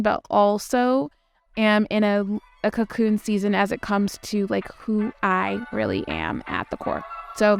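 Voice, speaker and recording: A woman hosts her own podcast and talks through her reflections in a loose, chatty way, dotted with fillers. Her voice is very clear and smooth, recorded close and dry with no room sound. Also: mid-range voice, dry recording. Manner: chatty, with frequent likes and ums. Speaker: podcast host. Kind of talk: solo reflective podcast talk.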